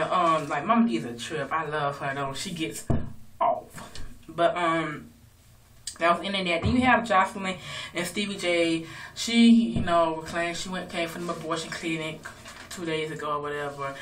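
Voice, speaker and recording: A woman talks through a reality episode in a loose, profane ramble, full of fillers and restarts. Her voice sits fairly low but sounds bright and crisp. The phone recording puts her at some distance from the mic. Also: a little hiss or hum. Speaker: reality TV recapper. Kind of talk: casual episode recap.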